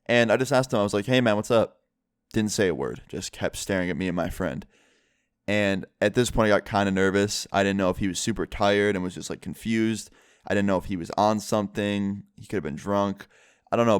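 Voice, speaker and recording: Low-voiced young man telling a story. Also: smooth, no echo, clean studio sound. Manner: chatty, filler-heavy retelling. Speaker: vlogger. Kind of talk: casual storytime.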